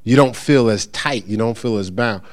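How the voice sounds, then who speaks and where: This middle-aged man, a pastor, delivers an informal church teaching in a lowish voice at a normal pace. Relaxed and conversational, he brings churchgoers and callers to life with animated voices and keeps checking in with his listeners.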